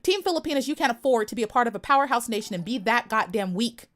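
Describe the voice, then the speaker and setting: Young woman streamer from the US, slightly high-pitched, sharp and sassy, scolds her chat head-on. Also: animated, fast. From United States. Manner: sassy, confrontational, emphatic repetition. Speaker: livestream host. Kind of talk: live stream chat commentary.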